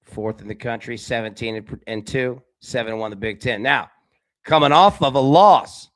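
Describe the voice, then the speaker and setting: A man of middle pitch hosts a live sports betting show in a lively, casual way, calling out to viewers by name. He jumps from loud, excited bursts to quiet, low asides. The sound is dry and close, with almost no room echo. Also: normal speed. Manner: talks directly to chat viewers by name. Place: indoor room with a window.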